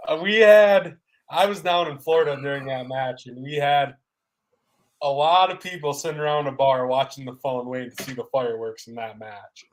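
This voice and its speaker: A man co-hosting a casual sports podcast, going over results in a halting way with many ums. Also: on the high side, low-quality recording. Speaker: podcast co-host.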